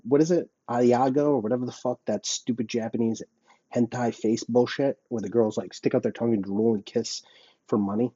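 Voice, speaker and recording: A man's voice: mid-range voice, brisk, dark tone, no echo, lo-fi sound. Agitated man ranting into his computer. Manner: profane, agitated, rambling. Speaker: YouTube vlogger. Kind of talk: ranting monologue to camera. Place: his apartment.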